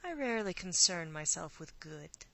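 A woman's voice: lowish voice, big pitch swings, moderate pace, pushed and bright, no echo, full character voice, poor audio. A woman voicing an ancient predatory female creature who poses as a countess, with a purring, seductive, coaxing manner.

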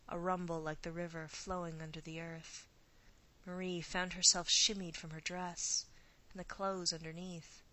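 Slow, hushed woman storyteller. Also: lowish voice, poor audio. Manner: hushed, often half-whispered delivery. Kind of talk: scripted narration.

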